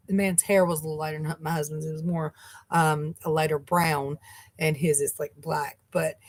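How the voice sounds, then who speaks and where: With a deep voice and flat delivery at normal speed, a middle-aged woman from North Carolina talks casually to her live-stream viewers. The keto vlogger rambles and breaks into laughter often.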